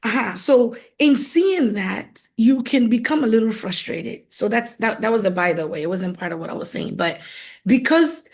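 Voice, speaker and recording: Teaching from a faith-based perspective, this woman marriage coach is animated, laughs often, performs the voices she quotes and repeats phrases to stress them. Her voice is fairly high, delivered at normal speed.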